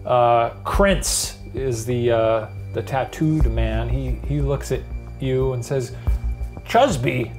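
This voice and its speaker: A man in his thirties runs a tabletop game as game master, describing scenes in a dry, meandering style with plenty of pauses. His voice sits at a middling pitch, with faint music playing behind him. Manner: relaxed, dry, meandering with fillers.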